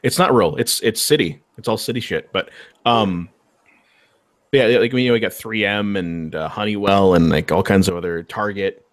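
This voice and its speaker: A man's voice: fairly low pitch, moderate pace, no echo. A man chatting casually on a livestream, often stammering and repeating words and swearing freely. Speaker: livestream co-host. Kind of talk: casual group chat.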